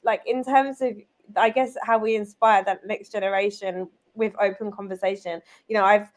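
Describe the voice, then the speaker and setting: A British business owner in her thirties, appearing as a guest, tells stories in a lively, chatty, casual way full of fillers like "like" and "um". She has a mid-range voice and speaks at a moderate pace.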